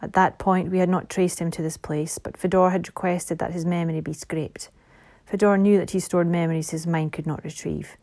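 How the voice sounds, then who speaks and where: A woman reading an audiobook who voices a fierce, devoted young winged warrior heir in a slightly lowered, measured voice. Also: fairly even intonation, darkish tone, no echo, clean studio sound, natural voice. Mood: solemn. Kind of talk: audiobook character voice.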